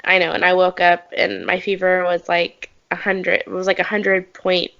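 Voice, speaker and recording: Young woman podcast cohost, bright voice, stuffy from a cold, dull lo-fi audio. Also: lowish voice, monotone, moderate pace, gravelly. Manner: chatty, laughs easily. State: congested from a cold. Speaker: podcast co-host. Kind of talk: casual chat.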